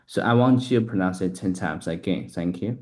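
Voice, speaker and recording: A man learning English, talking haltingly, restarting sentences and spelling words letter by letter. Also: low voice, darkish tone. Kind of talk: casual practice conversation.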